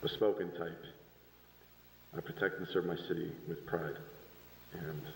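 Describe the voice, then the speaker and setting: A man's voice: deep voice, fairly even intonation, unhurried, gravelly, reverberant, big-room sound, a little hiss or hum, rough recording. A man playing a male police lieutenant giving a formal acceptance speech.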